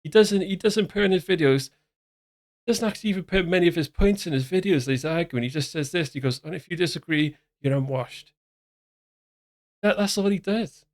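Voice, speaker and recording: A man's voice: a little high, quick pace. A man hosting a reaction commentary, talking casually in a sarcastic, mocking way with lots of restarts. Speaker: commentary channel host.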